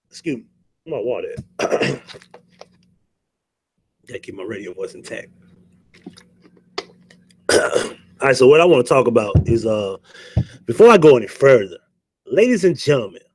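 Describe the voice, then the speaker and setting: A man's voice: mid-range voice, no room sound. Profane, joking livestream host man. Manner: profane, joking banter, greets chatters. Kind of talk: casual livestream commentary.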